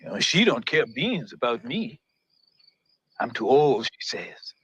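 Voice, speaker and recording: A man's voice: mid-range voice, big pitch swings, unhurried, fairly bright tone, highs cut off. An actor playing a weary, resigned older enslaved man in a film.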